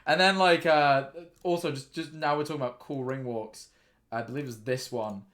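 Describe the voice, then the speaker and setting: A young man streaming casually, reacting excitably and rambling through stories with restarts and swearing. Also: medium pitch, brisk.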